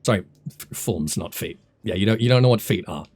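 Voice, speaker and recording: A man running a tabletop game as dungeon master, talking in a relaxed, hesitant way with many fillers. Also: fairly low pitch, fairly quick, breathy edge.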